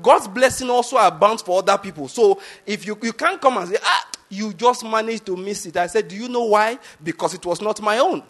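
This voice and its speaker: Nigerian male pastor, 50s, high-pitched, emphatic sermon delivery with repeated questions to the congregation. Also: brisk, few pauses, fairly bright tone.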